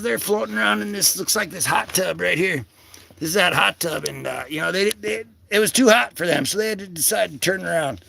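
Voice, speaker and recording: A man's voice: high-pitched, creaky, sharp tone, a little hiss or hum. A man hosting a casual livestream, rambling through comic pages in slangy talk full of fillers and greeting viewers in chat. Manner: talks to chat viewers by name. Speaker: livestream host.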